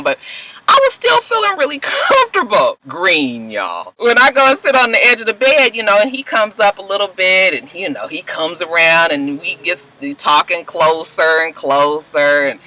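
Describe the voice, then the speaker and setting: A woman vlogger telling a casual story, animated and profane, acting out the dialogue as she goes. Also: lowish voice, a little hiss or hum, poor audio.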